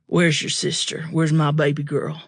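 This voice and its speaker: A domineering estranged father, read by a woman narrator, lowered and unhurried. He keeps a deceptively calm, reasonable tone over the control. The storybook read is close and dry. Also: vocal fry, slightly rough, no echo, heavily acted. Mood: coaxing. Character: menacing estranged middle-aged father.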